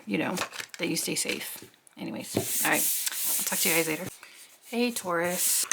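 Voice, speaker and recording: A woman's voice: lowish voice, gravelly, background noise. A woman giving a casual tarot reading, chatty and rambling, often talking to herself and swearing offhandedly. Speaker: tarot reader.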